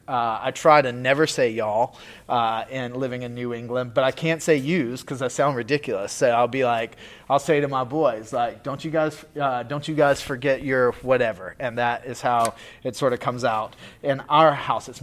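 Chatty pastor with a fairly high voice. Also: male voice. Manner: casual and chatty, with many fillers and restarts. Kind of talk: conversational sermon.

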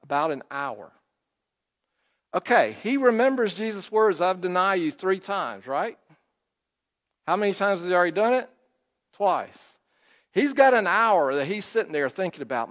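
Male preacher, slightly high voice, dramatic storytelling, long hall echo. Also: very animated, normal speed, pauses often, a bit bright. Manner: storytelling, acts out quotes, rises and drops in volume. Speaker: pastor. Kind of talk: sermon.

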